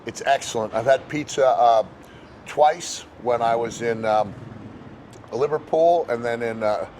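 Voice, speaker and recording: An older American man, a guest chatting casually and telling relaxed stories outdoors. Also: mid-range voice, measured pace, a little hiss or hum. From United States. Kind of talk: casual chat.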